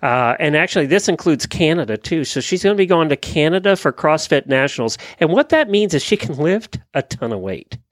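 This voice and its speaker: A man hosting a podcast, chatting in an easygoing way and giving plugs and shout-outs. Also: fairly high pitch, animated, a little fast, hardly any pauses, no echo, studio quality. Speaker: podcast host. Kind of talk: casual chat.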